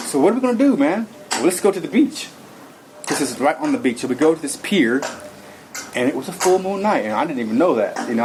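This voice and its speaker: Man telling a rambling personal story. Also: mid-range voice. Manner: animated, rambling, acts out his own lines. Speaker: interview guest. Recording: noisy recording.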